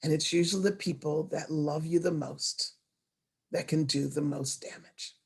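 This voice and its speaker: A woman presenting an online storytelling workshop over a video call, expressive and animated, moving from hushed asides to loud emphasis. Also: deep voice, normal speed, creaky, breathy edge.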